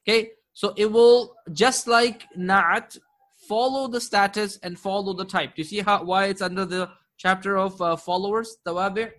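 The speaker is a man with a high-pitched, steady, fairly bright voice, lecturing a class on Arabic grammar. He explains terms in English, repeatedly checks in by asking "right?" and "correct?", and quickly recites Quranic verses in Arabic.

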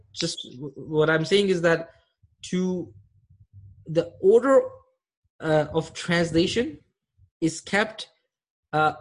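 A man teaching an online Arabic grammar class, explaining patiently and often checking that students follow. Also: high voice.

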